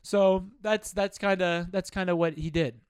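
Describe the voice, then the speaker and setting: A young man hosts a solo podcast, rambling through a profane, animated story. His voice sits high and comes through smooth and clear. It is recorded close, in a dry, dead room. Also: a little slow, dry recording. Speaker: podcast host. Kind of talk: casual solo podcast monologue.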